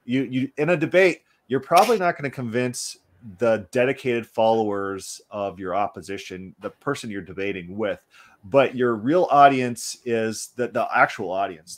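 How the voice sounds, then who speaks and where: A man hosting a casual discussion, talking in an animated way with many restarts. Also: on the low side. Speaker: podcast host.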